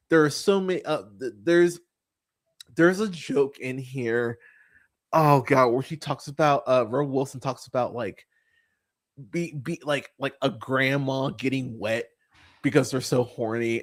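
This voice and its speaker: A man hosting a casual movie podcast, rambling and swearing freely, full of fillers and restarts, and turning animated when he mocks what he saw. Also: medium pitch. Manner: animated when mocking characters. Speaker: podcast host. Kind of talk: casual movie review chat.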